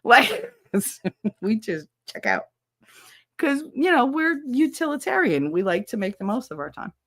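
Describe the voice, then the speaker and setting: A woman's voice: fairly high pitch, sing-song, unhurried, a bit bright, no room sound. A woman streamer chatting casually with her viewers, candid and crude, often breaking into giggles. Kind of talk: casual live-stream chat.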